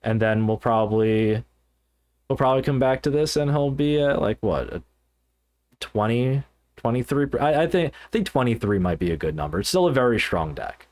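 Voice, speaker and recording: A man co-hosting a podcast, talking casually and haltingly, with many fillers and restarts. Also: mid-range voice, lively intonation, darkish tone. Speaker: podcast co-host. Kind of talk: casual podcast chat about card games.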